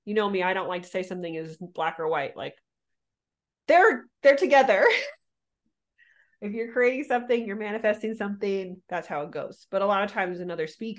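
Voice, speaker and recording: A woman's voice: mid-range voice, expressive, a little fast, a bit bright. Chatty woman podcast co-host. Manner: rambling, restarts sentences, laughs often. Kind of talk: casual chat.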